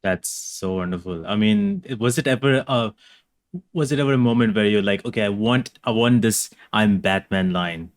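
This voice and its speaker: A man hosting a podcast speaks in a somewhat low voice. He asks his questions casually and with eager curiosity, and his talk comes across as relaxed chat. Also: normal speed. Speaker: podcast host.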